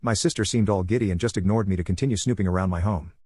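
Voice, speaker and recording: A man narrating a personal story in a brisk, matter-of-fact way. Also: low voice, warm tone, husky, dry recording, clean studio sound.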